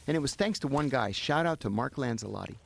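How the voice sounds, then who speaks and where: Gravelly man telling a lively story. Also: mid-range voice, fast talker, a little hiss or hum. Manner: animated, acts out the people he quotes. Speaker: guest. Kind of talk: storytelling in an interview.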